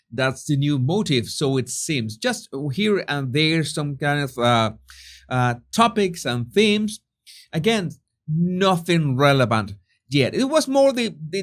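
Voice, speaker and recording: Sarcastic profane male commentator. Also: fairly high pitch. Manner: sarcastic, profane, hesitant restarts. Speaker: commentary channel host.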